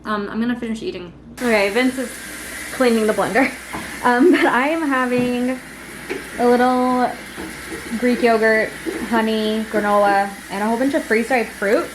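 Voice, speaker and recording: A woman's voice: on the high side, moderate pace, noisy background. A young adult woman chatting casually in a vlog, rambling with lots of fillers. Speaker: vlogger.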